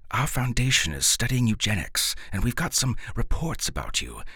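A man's voice: mid-range voice, big pitch swings, moderate pace, bright, forceful tone, slightly rough, no echo, studio quality, voice pushed up, full character voice. A man voicing a solemn, pompous middle-aged male scientist who asks prying questions and stammers when flustered. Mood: insistent.

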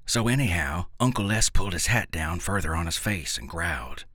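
A man narrating a story in a deadpan, folksy dialect delivery. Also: low voice, moderate pace, few pauses, slightly rough, no room sound. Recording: dry close mic, faint music.

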